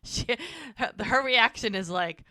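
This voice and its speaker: A woman's voice: mid-range voice, unhurried, clear, resonant tone, no echo, clean studio sound. An American woman co-hosting a podcast, chatting casually and rambling through an episode recap, quoting characters along the way. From United States. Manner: chatty, rambling, quotes characters in lively voices. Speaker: podcast co-host.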